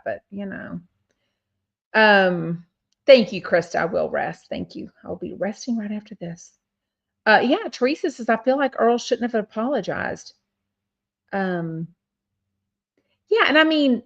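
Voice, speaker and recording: Woman host, casual gossipy chat, filler-heavy, mid-pitched, lo-fi mic. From Texas. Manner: chatty, reads viewer comments aloud, many fillers. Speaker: podcast host. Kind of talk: casual chat reading live comments.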